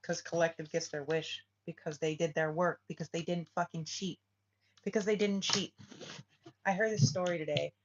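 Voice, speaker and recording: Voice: mid-range voice, steady tone, normal speed, muffled recording. Rambling, profane spiritual vlogger. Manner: rambling, swears often, says right? a lot, restarts phrases. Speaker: spiritual reader and channel host. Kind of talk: casual spoken storytelling vlog.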